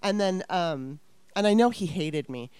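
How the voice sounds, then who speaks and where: A woman's voice: on the low side, expressive, a little slow, a little mellow, clear, resonant tone, no room sound. A woman in her fifties telling a story casually, rambling and swearing with exasperation.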